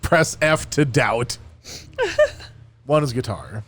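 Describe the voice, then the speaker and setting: A man's voice: mid-range voice, very animated, extremely slow, a bit bright. A man co-hosting a podcast, chatting casually and riffing playfully. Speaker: podcast co-host. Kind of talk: casual chat.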